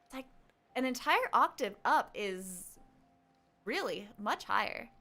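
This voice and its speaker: While streaming a game, a woman chats casually with her viewers and talks to herself, humming tunes and quoting lines from the game. Her voice is on the high side and very animated, with a sharp tone and a slow pace. Faint music plays in the background.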